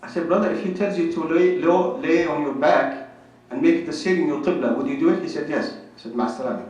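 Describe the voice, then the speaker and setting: A man's voice: on the high side, a little fast, darkish tone, soft background music. Male lecturer, informal and anecdotal, set back from the mic in a very reverberant room. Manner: conversational, joking, tells personal anecdotes. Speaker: Islamic lecturer. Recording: very echoey hall, mic at a distance.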